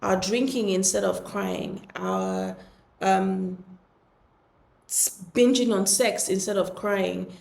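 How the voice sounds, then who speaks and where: A woman hosting a podcast, speaking earnestly and gently in a reflective solo talk, with many pauses and restarts. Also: medium pitch, lively intonation, vocal fry, roomy sound. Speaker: podcast host.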